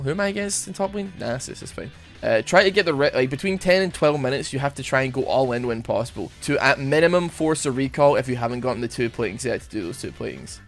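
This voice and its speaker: A young man giving casual, jokey gameplay commentary, rambling and poking fun at himself. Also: medium pitch. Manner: rambling, jokey, self-mocking. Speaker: gaming streamer.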